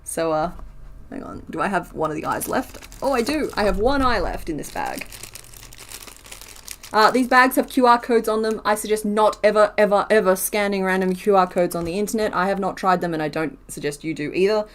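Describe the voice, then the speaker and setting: A woman's voice: medium pitch, animated, fairly quick, slight background noise. A woman streaming while she crochets, talking casually, counting stitches aloud and answering her chat.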